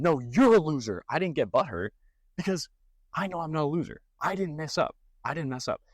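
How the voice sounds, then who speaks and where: This young content creator covers fitness and gaming, casually handing out advice and telling animated stories in which he mimics people with mocking voices. His voice is mid-range and the recording is dry.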